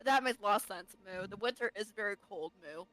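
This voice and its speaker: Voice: medium pitch, quick pace, pushed and bright, rough recording. A player role-playing a tiny calf in a tabletop game, tacking "moo" onto almost every phrase and repeating "like" while thinking. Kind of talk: in-character tabletop role-play.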